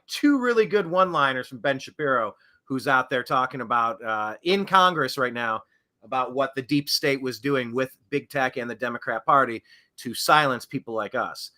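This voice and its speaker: A man's voice: mid-range voice, expressive, moderate pace, bright, forceful tone. A man co-hosting a political talk show, sarcastic and playful in his banter. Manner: playful, mock-serious, sarcastic. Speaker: co-host.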